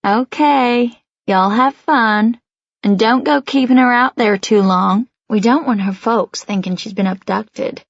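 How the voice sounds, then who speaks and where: A woman voicing a warm, motherly older grandmother with an affectionate drawl, read as an audiobook figure. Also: a little high, measured pace, no room sound, dull audio.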